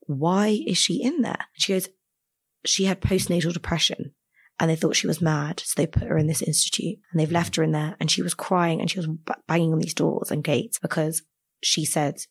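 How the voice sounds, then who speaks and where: A woman from Britain, a podcast guest, telling a story in a chatty, animated way with many "like" fillers. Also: fairly low pitch, moderate pace, breathy edge. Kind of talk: casual storytelling interview.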